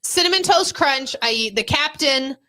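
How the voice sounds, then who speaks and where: High-voiced, chatty woman co-host. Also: normal speed. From Arizona. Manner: animated, chatty storytelling. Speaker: podcast co-host. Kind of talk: casual chat.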